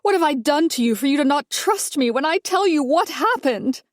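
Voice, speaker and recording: A woman's voice: sits high, expressive, normal speed, no room sound, pitched above the performer's own voice. A disdainful older mother-in-law from a suspense audiobook, all cool condescension and cutting remarks, voiced by a woman narrator. The delivery is dry and close, with no room around it. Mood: aggrieved.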